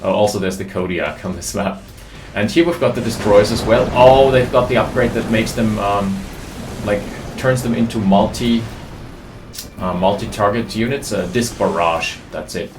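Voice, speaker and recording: A man giving live, excitable commentary on a strategy game, thinking aloud as he goes. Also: on the low side, moderate pace, reverberant, music in the background. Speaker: game caster.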